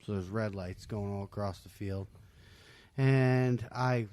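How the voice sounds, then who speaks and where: A man's voice: fairly low pitch, slow, darkish tone, no room sound. A man hosting a podcast, chatting casually and telling stories in a laid-back way. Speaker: podcast host. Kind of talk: casual chat.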